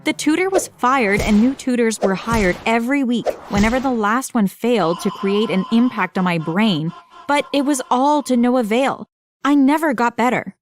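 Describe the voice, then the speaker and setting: A woman giving scripted first-person narration for an animated story, matter-of-fact with wry asides. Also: on the high side, normal speed, noisy background.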